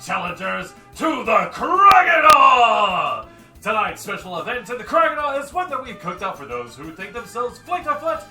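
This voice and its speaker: A man putting on a flamboyant game-show announcer voice with a booming, drawn-out showman delivery. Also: sharp tone, full character voice. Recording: roomy and distant, music behind.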